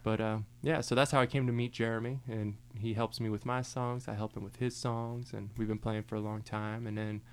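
A man's voice: lowish voice, little pitch movement, fairly quick, hardly any pauses, clear, resonant tone. A young man playing music live on the radio, chatting loosely and joking between songs and often laughing. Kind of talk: casual on-air chat between songs.

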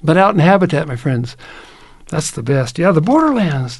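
A man's voice: on the high side, very animated, moderate pace, dry recording. A man hosting a show, telling a rambling, playful story in a folksy way and stretching out words he enjoys. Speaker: host.

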